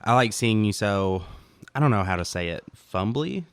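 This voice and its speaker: A man's voice: lowish voice, expressive, normal speed, clear, resonant tone, no echo. A man voicing a young woman, a teasing and blunt long-distance girlfriend, in an audiobook. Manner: teasing, playful then blunt.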